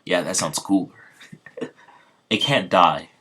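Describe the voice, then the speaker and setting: A man's voice: sits low, slow pace, sharp tone. A man casually retelling an improvised fan story, rambling with many fillers and restarts.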